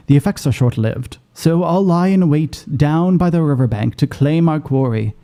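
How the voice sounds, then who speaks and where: Excitable swearing male gamer. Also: normal speed, hardly any pauses. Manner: excitable, profane, shrieks high when surprised. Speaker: streamer playing a game. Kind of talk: reacting to a game, casual commentary.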